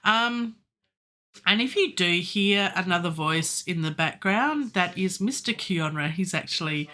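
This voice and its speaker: Middle-aged woman, a musician streaming live from her home studio; bright, sharp tone; chatty, digresses, laughs at herself. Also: lowish voice, animated, measured pace. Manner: chatty, digressive, self-mocking, laughs often. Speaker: musician livestreaming her songwriting. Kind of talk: casual live-stream chat. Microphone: studio microphone.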